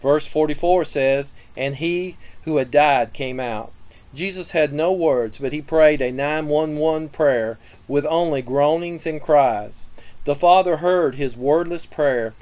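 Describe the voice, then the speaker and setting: A man giving a scripted sermon teaching on prayer, reading scripture and listing numbered points in a measured way. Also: a little high, a little mellow, rough recording. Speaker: preacher.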